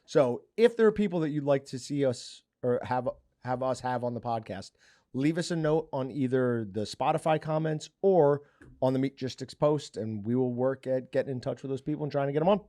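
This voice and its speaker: A man's voice: mid-range voice, a little fast, mellow, no echo, clean studio sound. Joking male podcast host. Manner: joking, laughs often, wraps up the show. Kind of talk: casual podcast chat.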